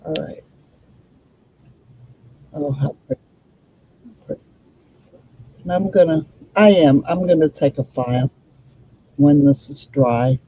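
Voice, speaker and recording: A woman's voice: sits low, slow pace, long pauses, dark tone, slightly rough, rough recording. A woman hosting a casual crafting demo, thinking aloud and chatting to her viewers while she works. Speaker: crafting channel host.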